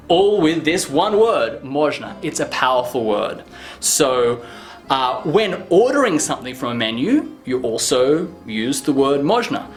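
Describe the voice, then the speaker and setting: A man explains everyday foreign words in a relaxed, casual lesson. His pitch swings widely, climbing high whenever he acts out what someone would say. A faint bed of music plays behind him. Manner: lively, exaggerated high pitch on example phrases. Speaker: language teacher.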